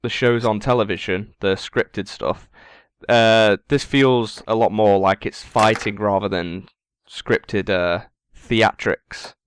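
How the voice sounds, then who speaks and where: A man chatting casually on a gaming podcast, going through a list of games with dry jokes, his voice getting hoarse. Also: fairly low pitch, fairly even intonation, slow pace, a little hiss or hum. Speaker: podcast co-host.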